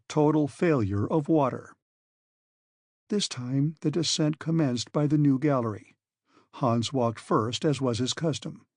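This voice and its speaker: A man narrating a classic adventure novel as an audiobook in a steady, measured way. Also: mid-range voice, no room sound, clean studio sound. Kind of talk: scripted narration.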